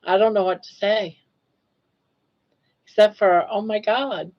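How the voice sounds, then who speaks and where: A woman's voice: medium pitch, fairly even intonation, measured pace, lo-fi sound. An older woman hosting a casual livestream, talking in an awed, emotional way and repeating herself. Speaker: livestream host.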